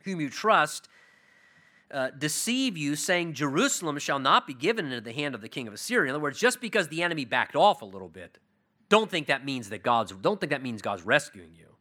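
Guy preaching a bible sermon, kinda high voice, really bright and forceful, goes loud then drops to almost a murmur. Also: sing-song, fairly quick. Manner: emphatic, swings between loud declarations and hushed asides; conversational, plain-spoken Bible teaching. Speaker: pastor. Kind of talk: expository sermon.

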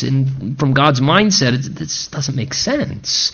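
A man's voice: medium pitch, sing-song, slow, gravelly, pushed and bright, breathy edge. Earnest preaching man, muffled sound. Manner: earnest preaching, rising emphatic questions. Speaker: pastor. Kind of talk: sermon.

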